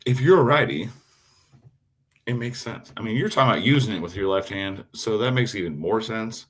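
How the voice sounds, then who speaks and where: A man's voice: lowish voice, expressive, fairly quick. A man chatting casually on a live stream, swearing constantly as he rambles about his knives and answers chat. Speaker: knifemaker streamer.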